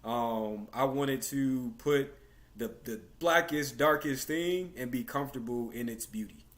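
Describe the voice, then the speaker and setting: A man hosting a casual conversation on a video call, talking in a relaxed, slangy way as he asks his guests questions. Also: medium pitch, unhurried. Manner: relaxed, slangy, many fillers and restarts. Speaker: host.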